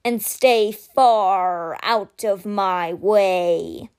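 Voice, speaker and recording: A woman doing a slow, proud stone statue cat. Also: mid-range voice, darkish tone, clear, resonant tone. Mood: dry.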